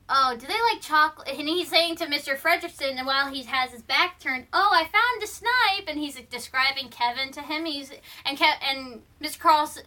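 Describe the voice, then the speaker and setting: A woman's voice: sits high, bright, forceful tone. A young woman vlogging from her room, casually retelling a film's plot with lots of fillers and restarts. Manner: rambling, full of fillers and restarts. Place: room at home.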